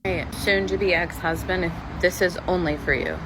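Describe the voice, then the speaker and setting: Low-voiced woman venting bitterly. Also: normal speed, background noise. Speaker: person venting in a video clip. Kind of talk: emotional monologue to camera.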